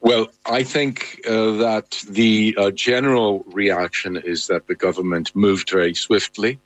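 A male correspondent answering live news questions, halting with many fillers and restarts. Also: fairly low pitch, fairly even intonation, low-quality recording.

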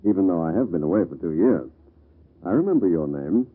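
An actor playing a bitter, self-doubting husband in an old-time radio drama, speaking in a rueful, sardonic way. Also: male voice, low-pitched, very animated, a little fast, slightly rough, exaggerated voice. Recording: lo-fi vintage radio recording.

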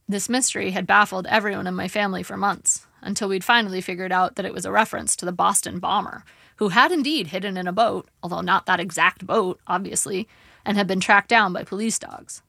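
Female memoir narrator, measured and wry, with gravelly fry. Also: mid-range voice, fairly even intonation, sharp tone, no room sound, clean studio sound. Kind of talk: memoir audiobook reading. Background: faint guitar music.

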